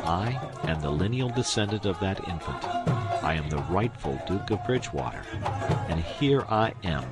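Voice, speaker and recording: A man's voice: low-pitched, animated, moderate pace, over loud music. A man voicing a pompous, self-pitying con-man duke who laments in grand, theatrical phrases.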